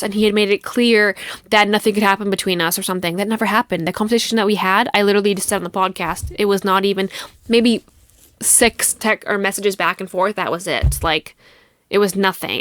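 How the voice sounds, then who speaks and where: A young woman hosts her own podcast, venting about a personal drama in a casual, heated monologue full of swearing. Her voice sits at an ordinary pitch and is recorded close and dry, with almost no room sound. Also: a bit bright, no room sound. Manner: heated, profane, indignant retelling. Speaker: podcast host.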